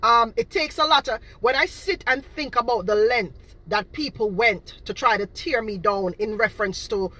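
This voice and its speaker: This is a cake seller in her thirties from Boston, Massachusetts, whose accent carries a Jamaican patois inflection. Her voice is a little high and sharp, moving at normal speed with hardly any pauses. She talks casually and indignantly to her viewers, repeating herself for emphasis.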